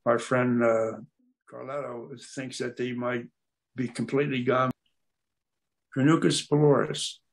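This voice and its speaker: An older man with a deeply gravelly, husky voice talks to a club audience. He tells long, wandering anecdotes and keeps pausing with "uh" while he searches for names. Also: level tone. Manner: meandering, searches for words with many fillers. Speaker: guest speaker at an aquarium club. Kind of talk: rambling anecdotal storytelling.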